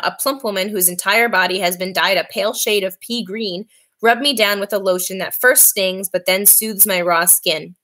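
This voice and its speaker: A woman reading a novel aloud in a steady, clear voice. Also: mid-range voice, normal speed. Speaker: reader.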